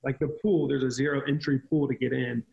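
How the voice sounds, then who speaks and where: Man with a gravelly, earnest voice. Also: mid-range voice, steady tone, brisk, highs cut off. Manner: storytelling, earnest, with frequent restarts. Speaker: ministry leader. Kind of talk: casual podcast chat.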